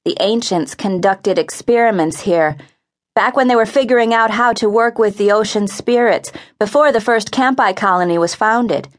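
A curious, distracted teenage boy from a teen adventure audiobook, musing half to himself, as a woman narrator voices him. The pitch stays mid-range. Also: moderate pace, natural voice. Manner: absent-minded, musing. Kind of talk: audiobook character voice.

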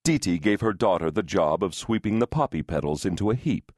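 A man reading a historical novel aloud as an audiobook narrator, measured and expressive. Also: deep voice, no echo, studio quality. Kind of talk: scripted narration. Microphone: studio microphone.

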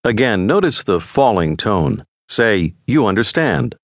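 Lively, lowish-voiced male course narrator. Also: no echo, studio quality. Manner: measured, patient teacher's delivery. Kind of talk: scripted instructional narration. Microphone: close studio mic.

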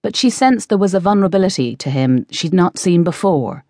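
A woman reading a novel aloud as audiobook narrator, in measured scripted narration. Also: lowish voice, expressive, darkish tone, no echo, clean studio sound. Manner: measured storytelling.

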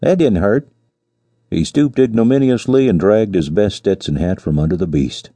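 Deep, dark-toned male narrator for a classic story, husky and measured. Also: lively intonation, no echo. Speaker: audiobook narrator. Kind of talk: scripted narration.

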